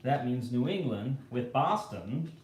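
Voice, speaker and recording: A man doing an impression of a stately male colonial statesman, proclaiming slowly and solemnly. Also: mid-range voice, lively intonation, darkish tone, lightly acted. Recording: roomy echo.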